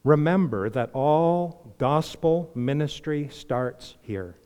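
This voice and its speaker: A man preaching a sermon as pastor, impassioned, swinging between loud emphasis and hushed earnestness. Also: mid-range voice, measured pace. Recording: long reverb of a large hall.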